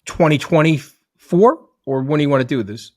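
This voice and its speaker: A middle-aged man hosting an interview podcast, asking questions in a relaxed, conversational way. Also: a little high, moderate pace, no echo, clean studio sound. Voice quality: casual and conversational. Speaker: podcast host.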